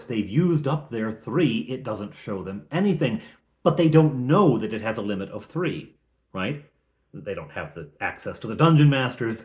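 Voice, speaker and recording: A man recapping a tabletop game session as game master, talking conversationally and thinking aloud with frequent restarts. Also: on the low side.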